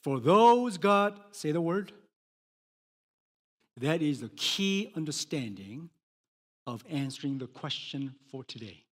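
A man preaching a sermon, emphatic, swinging between loud declarations and hushed words. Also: mid-range voice, animated, slow pace, pauses often. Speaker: pastor. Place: church sanctuary. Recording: long hall reverb.

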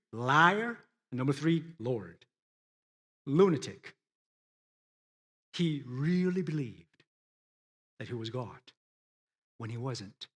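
Lively, emphatic male preacher. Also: on the high side. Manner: emphatic, rises and drops sharply for effect; addresses listeners directly as friends. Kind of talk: sermon.

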